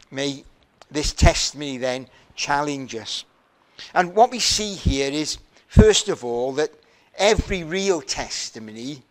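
A man preaching a sermon in a deliberate, emphatic way, often asking rhetorical questions. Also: medium pitch.

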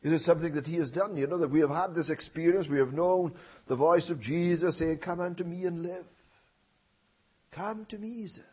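A man preaching a sermon, often tagging his points with questions and building up to loud emphatic phrases. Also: fairly high pitch, a little fast, breathy edge, highs cut off. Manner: rhetorical tag questions, swelling emphasis.

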